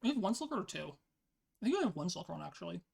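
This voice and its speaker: Mid-pitched voice with vocal fry. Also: sing-song, very fast, a little mellow. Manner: thinks aloud, frequent "like" fillers. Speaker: player narrating own online card game match. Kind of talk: casual gameplay commentary.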